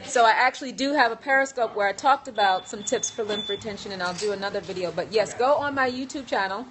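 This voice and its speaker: A woman's voice: mid-range voice, quick pace, noisy background. A woman hosting a casual live stream from a hair salon, chatty and laughing often, her voice worn as she loses it. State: losing her voice. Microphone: phone.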